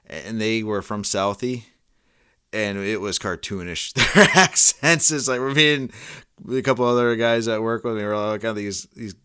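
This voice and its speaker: A man's voice: fairly low pitch, pushed and bright, clean tone. A man with a Boston accent chatting casually as a podcast co-host, often laughing and restarting his phrases. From Boston area. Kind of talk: casual chat.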